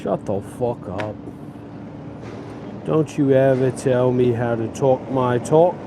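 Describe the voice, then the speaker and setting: A man's voice: mid-range voice, takes it slowly. A man playing a drunk, foul-mouthed, belligerent bloke who speaks, slurring and rambling out in the street. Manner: slurred, swearing, rambling threats. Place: street outdoors. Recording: outdoor street traffic noise.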